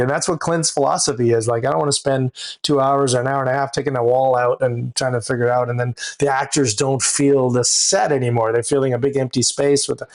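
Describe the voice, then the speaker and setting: A man's voice: mid-range voice, creaky. A man, a camera operator and director, talking casually in a podcast interview and telling stories from the set. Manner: relaxed storytelling, acts out quoted dialogue.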